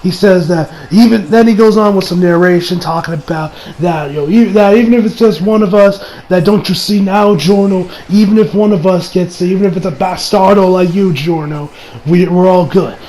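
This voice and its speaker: A man's voice: high voice, moderate pace, dark tone, slight background noise, rough recording. A man giving a casual episode recap as an anime reviewer, rambling, laughing and swearing as he goes.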